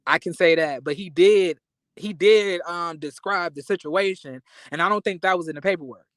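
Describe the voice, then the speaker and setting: Profane, animated man ranting about TV. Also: high-pitched, normal speed, no echo. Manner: animated, profane, emphatic, breaks into apologetic asides. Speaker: commentary vlogger. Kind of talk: reality TV commentary rant.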